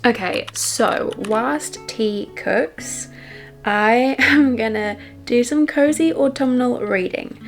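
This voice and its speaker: A young woman chatting casually in a home vlog, enthusiastic and sometimes dropping to a soft hush. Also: on the high side, slow pace, soft background music. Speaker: vlogger. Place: cosy home reading corner.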